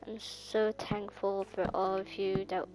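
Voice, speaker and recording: A woman with an Irish accent giving rambling, chatty gameplay commentary that bursts into excited squeals. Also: medium pitch, measured pace. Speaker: gaming channel host.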